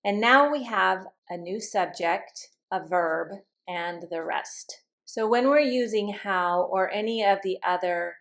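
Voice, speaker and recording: Female English teacher, unhurried delivery, demonstrates intonation in her example sentences; patient and explanatory. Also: medium pitch, vocal fry, fairly bright tone. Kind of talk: slow, careful vocabulary lesson.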